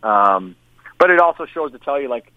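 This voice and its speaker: A hockey coach calling in, chatting casually about players in quick, rambling sentences that he often restarts. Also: medium pitch, lively intonation, no echo. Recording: tinny phone line.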